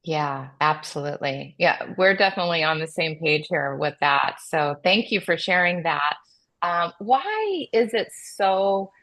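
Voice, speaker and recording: A woman hosting a podcast interview, affirming her guest and asking open questions. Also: low voice. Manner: warm affirming listener, asks open questions. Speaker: podcast host.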